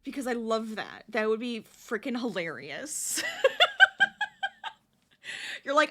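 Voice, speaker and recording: A woman's voice: a little high, big pitch swings, takes it slowly, pauses often. Giggly woman chatting while she crochets. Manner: chatty, giggly, talks to chat and counts stitches under her breath. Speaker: crochet streamer. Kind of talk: casual live-stream chat while crocheting.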